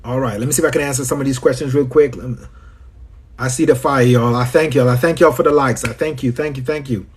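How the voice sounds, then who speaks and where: Husky Trinidadian man coaching on a livestream. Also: medium pitch, fairly even intonation, fast talker. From Trinidad and Tobago. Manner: chatty, greets viewers by name and repeats phrases. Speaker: business coach.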